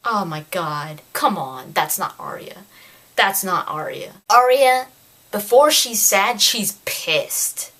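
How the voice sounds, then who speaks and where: A woman talks through a book review in a casual rant. She sounds exasperated and animated, and her voice sits at an ordinary middle pitch. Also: slow.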